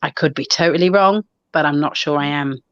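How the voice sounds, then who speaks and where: A woman with a lowish voice tells a local tale in a loose, chatty way, looping back and restarting as she goes. She speaks over a video call, and the sound is dull and lo-fi. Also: a little fast, no room sound. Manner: chatty, rambling with restarts and fillers. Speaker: paranormal investigator and show co-host. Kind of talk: casual storytelling on a live online show.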